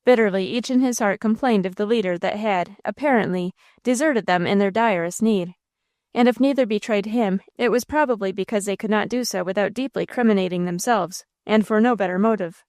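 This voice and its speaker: A woman reading a classic novel aloud as an audiobook narrator, in a steady, expressive storytelling manner. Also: mid-range voice, fairly quick, no room sound, clean studio sound.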